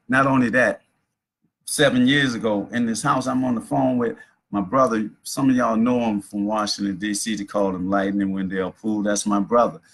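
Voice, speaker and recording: Middle-aged man, livestream host, rambling preachy storyteller, gravelly husky voice. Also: fairly low pitch, fairly bright tone. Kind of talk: casual livestream monologue. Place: at home.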